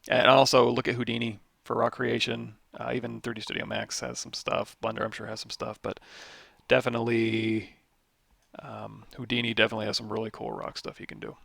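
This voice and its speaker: A tired man with a lot of vocal fry, teaching a live software tutorial and thinking aloud as he works through menus. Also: medium pitch, monotone, a little fast, dry recording, clean studio sound. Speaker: 3D modeling instructor.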